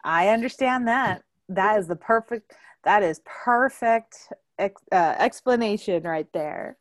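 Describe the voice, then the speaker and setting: Here the podcast host, a young adult woman, speaks in a mid-range voice at a measured pace. She's a lively storyteller in a casual family chat, laughing often and acting out quotes at full volume. There's no echo, just clean studio sound.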